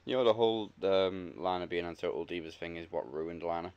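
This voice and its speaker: Brief: low-voiced male podcast co-host, relaxed, dry one-liners. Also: a little fast, clean tone, highs cut off. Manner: easygoing, dry quips, laughs along. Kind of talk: casual chat.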